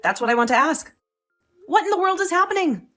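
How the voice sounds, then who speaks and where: A woman's voice: extremely high pitch, big pitch swings, fast talker, bright, forceful tone, faint music behind, exaggerated voice. A woman playing an indignant, defiant young wife. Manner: indignant, sarcastic. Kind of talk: voiced drama story.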